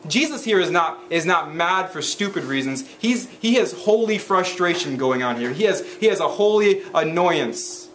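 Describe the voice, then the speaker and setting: A pastor preaches a sermon in church, reading scripture and explaining it in a halting way, often restarting sentences with fillers. His voice is high, animated, and fairly bright, captured on a handheld camera.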